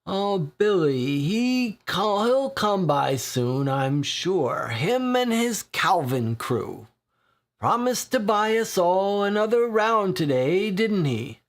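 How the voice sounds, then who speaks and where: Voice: mid-range voice, big pitch swings, slow, pitched above the performer's own voice. A board game player voicing a spindly, drably dressed older pub regular who rambles in a friendly way. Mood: rambling, friendly.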